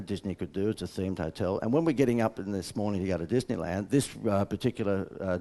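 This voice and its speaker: A man's voice: fairly low pitch, mellow. A middle-aged Australian man giving a live seminar talk as a business coach, blunt and joking as he tells stories. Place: seminar room.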